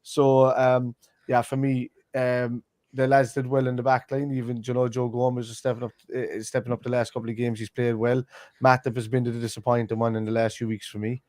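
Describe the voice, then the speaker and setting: A man's voice: medium pitch, little pitch movement, a little fast, darkish tone, dry recording. Chatty man rambling about football. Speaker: panel guest. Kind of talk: casual football chat.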